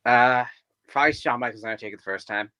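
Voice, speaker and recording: A man's voice: mid-range voice, quick pace, pushed and bright, smooth, no room sound, low-quality recording. A young man, a guest on a podcast, talking about himself in an easygoing way and laughing often. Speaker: podcast guest, pro wrestler. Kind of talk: casual interview chat.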